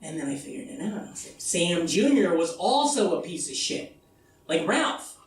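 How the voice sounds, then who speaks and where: A man's voice: sits high, very animated, moderate pace. A man performing a solo comedy show, telling a rambling, incredulous story full of swearing. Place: festival theater stage. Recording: echoey room from far off.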